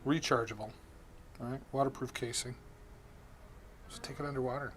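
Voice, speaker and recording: A man's voice: mid-range voice, steady tone, moderate pace, a bit bright, a little hiss or hum. A man hosting a live shopping stream, chatting casually and greeting viewers by name as he demos products. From Canada.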